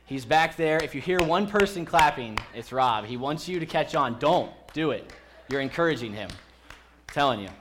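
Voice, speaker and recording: A man's voice: a little high, expressive, moderate pace, fairly bright tone, slight background noise. A man in his thirties, a pastor giving a conversational sermon in a church, chatty and joking with the congregation.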